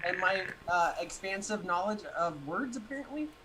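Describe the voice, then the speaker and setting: A man's voice: high-pitched, lively intonation, moderate pace, very noisy. A man co-hosting a casual podcast and reading the chat. He jokes around and laughs often.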